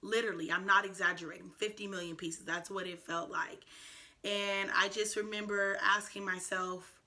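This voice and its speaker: A woman in her twenties talking to camera in a personal vlog, soft, reflective and earnest, with frequent fillers. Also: mid-range voice, fairly even intonation, moderate pace. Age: 20s. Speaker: vlogger.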